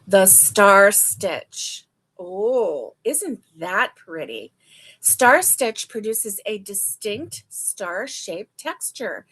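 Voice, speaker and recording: A woman's voice: medium pitch, a bit bright. A woman hosting a casual crochet livestream, reading stitch descriptions aloud and reacting with delight.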